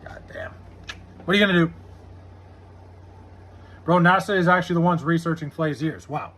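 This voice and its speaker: A man streaming live from home, talking casually to his chat. His voice sits high and sounds bright and a little husky. He swears freely and vents about the game. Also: fairly quick. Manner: profane, frustrated, reads chat aloud. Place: home room with TV.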